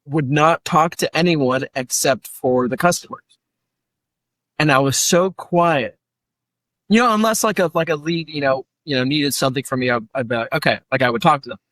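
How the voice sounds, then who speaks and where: An easygoing man hosts a podcast chat, relaxed and quick to laugh. His voice sits a bit high for a man. The sound is close and dry. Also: no echo. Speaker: podcast host. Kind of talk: casual chat.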